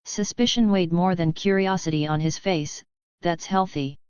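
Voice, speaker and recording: A woman narrates an audiobook in a steady, measured way. Her voice is low and smooth. The recording is dry, with a slightly dull, muffled sound. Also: no echo.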